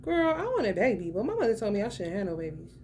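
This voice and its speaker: A woman's voice: mid-range voice, very animated, quick pace, mellow, a little hiss or hum. A woman acting out a young woman who confides that she badly wants a baby. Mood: pleading.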